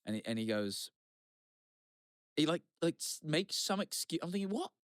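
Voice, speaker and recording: Podcast guy rambling through a story, swears a lot, bit high, dry close sound. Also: normal speed, dry recording. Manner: animated, swears freely, rambling asides and restarts. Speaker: podcast co-host. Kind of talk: casual storytelling chat.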